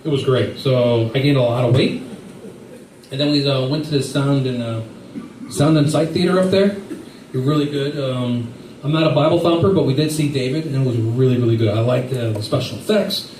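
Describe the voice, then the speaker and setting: A man's voice: mid-range voice, a little fast, a little mellow, echoey room, far from the mic, a little hiss or hum, rough recording. A middle-aged man doing a rambling, self-deprecating stand-up set, acting out quotes along the way. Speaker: stand-up comedian.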